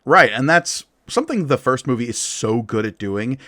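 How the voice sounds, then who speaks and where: A man's voice: medium pitch, lively intonation, moderate pace, pushed and bright, no echo, clean studio sound. A man co-hosting a podcast, talking casually and thoughtfully, with lots of "like" and "uh" as he works out his points. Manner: thoughtful, hedging with "like" and "uh". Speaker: podcast co-host. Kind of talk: casual comic-book discussion.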